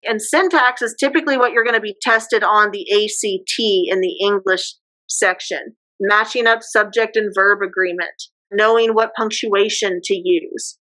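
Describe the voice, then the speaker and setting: A woman's voice: medium pitch, fairly even intonation, moderate pace, fairly bright tone, poor audio. A woman teacher giving a casual classroom lecture, chatty and acting out example phrases.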